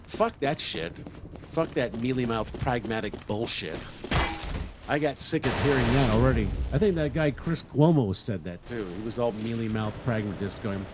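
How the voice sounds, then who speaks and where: A man's voice: mid-range voice, expressive, normal speed. Blunt, profane man ranting on a livestream. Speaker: livestream host. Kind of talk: political commentary monologue. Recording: noisy livestream audio.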